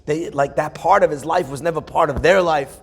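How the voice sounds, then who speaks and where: A man's voice: fairly high pitch, brisk, creaky, husky. A man, a rabbi, telling a Torah story vividly, acting out the dialogue of its people.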